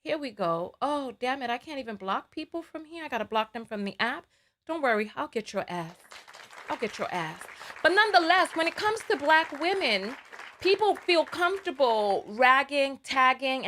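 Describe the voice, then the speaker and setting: A woman's voice: sits high, expressive, normal speed, sharp tone, a little hiss or hum. Fired-up woman hosting a live stream. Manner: heated, indignant, repeats herself. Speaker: livestream host.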